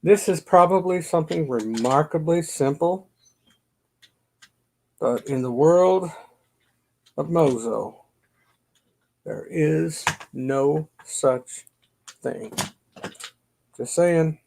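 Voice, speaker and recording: Middle-aged male vlogger, slightly high gravelly voice, slow and rambling, self-mocking asides. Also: expressive, a little mellow. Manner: rambling, self-deprecating, mutters to himself. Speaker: YouTube channel host. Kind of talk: casual chat to camera. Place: home basement.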